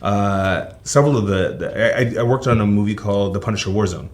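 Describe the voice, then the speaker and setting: Easygoing low-voiced male interview guest. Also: fast talker. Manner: easygoing and enthusiastic, often repeats himself. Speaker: guest voice actor. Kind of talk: casual interview chat.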